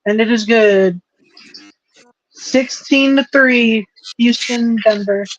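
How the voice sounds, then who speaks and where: A woman's voice: fairly high pitch, slow, no room sound. Woman co-host, casual and profane, running play-by-play; dry, muffled lo-fi recording. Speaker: podcast co-host. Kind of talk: casual chat while watching football. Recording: dry, dull lo-fi sound.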